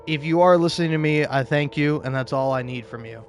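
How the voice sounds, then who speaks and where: A man's voice: a little high, fairly quick, slight background noise. A man talking casually to camera about a show, rambling and emotional, with many restarts and curses. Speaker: vlogger. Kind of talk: casual opinion monologue.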